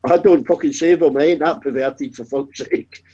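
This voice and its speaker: A man's voice: a little high, normal speed, mellow, slightly rough. An older man, chatting casually and swearing a lot as he laughs at his own stories. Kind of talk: casual voice chat. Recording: dull lo-fi voice chat mic.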